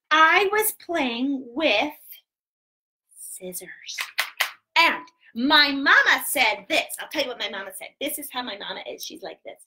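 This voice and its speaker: A chatty little girl with very long hair tells her tale in a very high, bright, sparkling voice, as a woman puts her on. She is dramatic and giggly, squealing at the big moments and dropping to hushed whispers for secrets. It is a playful storybook kids' character. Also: exaggerated voice. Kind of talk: children's storytelling live stream.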